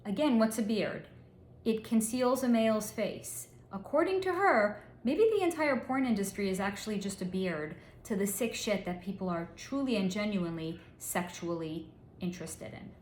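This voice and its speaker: A woman's voice: mid-range voice, animated, moderate pace, darkish tone, echoey room, a little hiss or hum. A woman psychic relaying a channeled reading in a blunt, candid way, swearing freely and spelling out crude words. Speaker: psychic reader.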